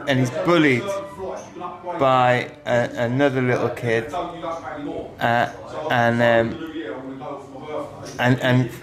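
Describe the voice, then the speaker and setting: A man in the middle of his pitch range, chatting casually as a co-host. He tells stories in a rambling, halting way, restarting his sentences often. A busy pub crowd chatters loudly behind him. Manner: rambling, stop-start storytelling with many restarts. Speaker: podcast co-host. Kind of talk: casual chat.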